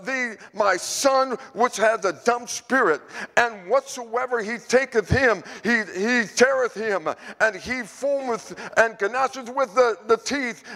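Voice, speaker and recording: A man preaching a sermon in a church, fervent and rambling, rising into shouted praise. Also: very high-pitched, big-room sound. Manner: rambling with restarts and repeats. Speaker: pastor.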